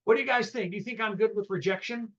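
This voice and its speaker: A man's voice: high-pitched, quick pace, highs cut off. A man teaching a live real estate seminar, telling stories and acting out both sides of phone calls, often asking the room questions.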